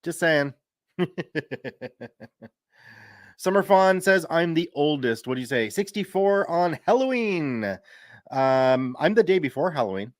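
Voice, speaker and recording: A man in his thirties, a streamer who also reads stories, chats casually on a live stream, reading viewer comments aloud and laughing easily. His voice sits on the high side and sounds animated at a moderate pace. The recording is studio quality with no room sound.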